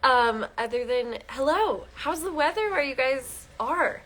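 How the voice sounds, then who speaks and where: A woman's voice: high-pitched, animated, a little slow, fairly bright tone. A young woman hosting a casual livestream from home, talking chattily with lots of fillers. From northern Colorado. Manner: chatty, lots of "like" and "um", apologetic asides. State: out of breath. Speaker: livestream host. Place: home, indoors.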